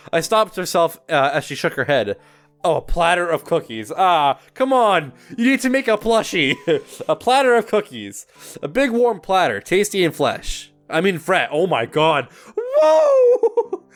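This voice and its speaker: A young man reading a visual novel aloud as a gaming YouTuber, stumbling over words, laughing at his misreads and swearing casually. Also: a little high.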